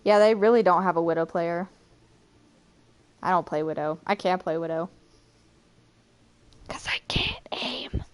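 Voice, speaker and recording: A woman's voice: lowish voice, moderate pace, pauses often, darkish tone, clean tone. A woman co-commentating a live esports match, chatty and giggly.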